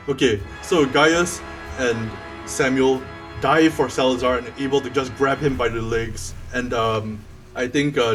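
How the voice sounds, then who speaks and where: A man narrating his solo tabletop game, thinking aloud as he rolls dice, with bursts of laughter. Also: on the low side. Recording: voice a bit far from the mic, faint music behind.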